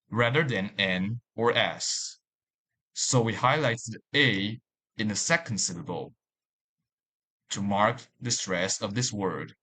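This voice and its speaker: A man narrating a language lesson in a slow, deliberate way, repeating each example word. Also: on the low side, a bit bright. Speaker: language teacher.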